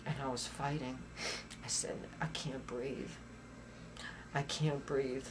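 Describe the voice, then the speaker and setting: A woman giving personal testimony in a documentary interview, halting and repeating herself, rising to loud intensity and dropping to whispers. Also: rumbling low, fairly even intonation, noisy background.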